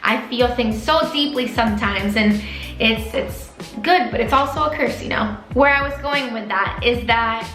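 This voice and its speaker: A young woman speaks to her camera in a somewhat high, chatty voice, full of likes and restarts. She is open and emotional, now and then close to tears. The room is echoey, with faint music underneath. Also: moderate pace, a bit bright. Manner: emotional, openly tearful at times. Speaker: veterinary student vlogger. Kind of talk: personal vlog talking to camera.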